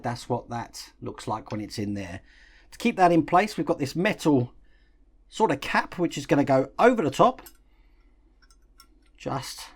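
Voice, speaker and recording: A man hosting a model-building channel, calmly explaining each step of the build while he works with his hands. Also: mid-range voice.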